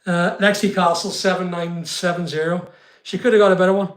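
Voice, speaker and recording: A middle-aged man with a fairly high voice talks casually on a live stream, greeting viewers by name at a fairly quick pace with fairly even intonation. He's in a studio room that's still being built, and the unfinished space sounds echoey.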